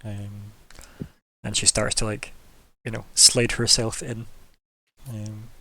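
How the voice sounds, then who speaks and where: GM, gravelly, loose rambling narration full of likes and ums. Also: male voice, lowish voice, little pitch movement, takes it slowly, bright, forceful tone. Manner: rambling, many fillers. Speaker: game master. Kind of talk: narrating a tabletop game.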